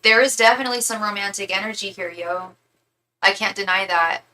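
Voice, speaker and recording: A young woman reads tarot live, chatting loosely and emphatically with lots of restarts and slang. Her voice is bright and sits at an ordinary pitch. Faint room noise hums behind her. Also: brisk, poor audio. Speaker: tarot reader. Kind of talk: live-stream tarot reading.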